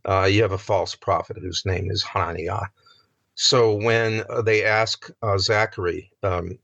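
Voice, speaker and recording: A man's voice: lowish voice, steady tone, measured pace, creaky, a bit bright, no echo, highs cut off. An older man giving an informal scripture lecture, conversational, with many fillers and asides to his listeners, acting out quoted questions. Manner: acts out quoted questions in a raised voice.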